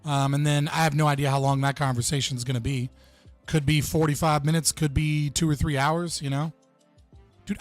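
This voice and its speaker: A man's voice: on the high side, no echo. Casual profane male livestreamer. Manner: casual, profane, chatting with his viewers. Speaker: livestream host.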